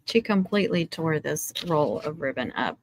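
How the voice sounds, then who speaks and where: A woman's voice: sits low, sing-song, moderate pace, a little hiss or hum. A middle-aged woman chatting casually as she crafts on a live stream, with dry sarcastic asides. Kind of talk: casual chat while crafting. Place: home craft table.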